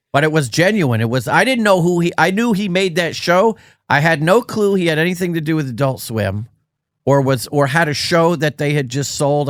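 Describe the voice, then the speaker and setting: A man's voice: a little high, a bit bright, dry recording, studio quality. Rambling man telling a long story. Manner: rambling storyteller, searches for words. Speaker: podcast co-host. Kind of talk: casual chat. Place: Los Angeles.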